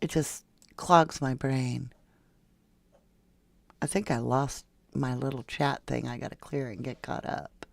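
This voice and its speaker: Creaky and medium-pitched, this voice moves slowly and steadily, pausing often, with no echo. It belongs to a chatty, sarcastic true crime livestreamer who reads out viewer comments and answers them in casual live-chat commentary.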